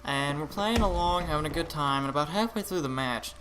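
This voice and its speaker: A tired, yawning gaming channel host with a slightly high voice gives laid-back, rambling gameplay commentary full of restarts and fillers, yet with lively intonation and a brisk pace. It's a noisy home recording with clicks.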